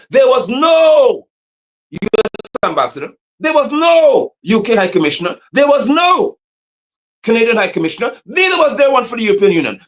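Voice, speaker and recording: A man with a high-sitting voice delivers impassioned activist commentary on a livestream. He preaches, repeats slogans, and at times shouts.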